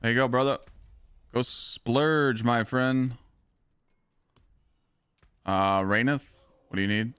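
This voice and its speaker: Slow, with long pauses, his mid-range voice comes across a bit bright, clear and resonant, with no room sound. This young game streamer rambles profanely in casual chat, reading viewer messages aloud and answering their questions.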